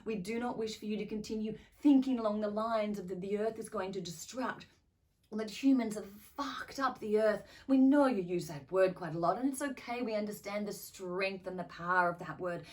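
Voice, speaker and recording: A woman channeling effusive cosmic spirit beings, slow and distant. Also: mid-range voice, darkish tone, natural voice. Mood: earnest.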